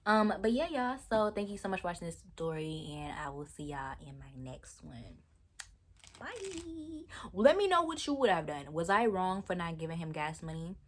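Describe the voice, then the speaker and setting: A young woman talks straight to the camera, retelling a bad date with lively disbelief and plenty of slang. Her voice sits low for a woman, and she sounds casual and chatty the whole way through. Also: fairly quick, hardly any pauses. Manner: animated, exasperated storytelling with slang. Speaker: vlogger. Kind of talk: casual storytime chat.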